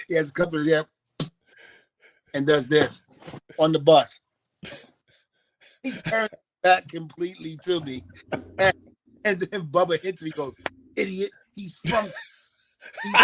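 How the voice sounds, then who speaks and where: A man's voice: on the high side, unhurried, pauses often. A man from New York, a guest on an interview show, telling a story and acting out the other people's voices in it. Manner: animated storyteller who acts out the voices of the people in his story. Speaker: guest, former wrestler.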